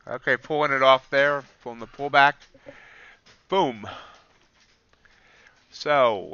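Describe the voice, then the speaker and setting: A livestream futures trader commentates on his trades live, counting off prices and greeting viewers in the chat. His medium-pitched voice is smooth, pushed, and bright, captured in a dry, lo-fi recording.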